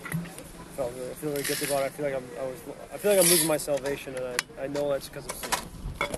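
A man in a street crowd, halting and unsure as he asks a preacher for advice. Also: mid-range voice, background noise. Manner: halting, unsure, repeats himself. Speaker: listener asking for advice.

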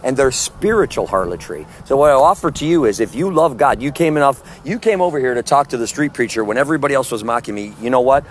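A man's voice: mid-range voice, expressive, quick pace, few pauses. A man preaching fervently in the street to one listener, firing rhetorical questions and condemnations. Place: outdoors at a public event.

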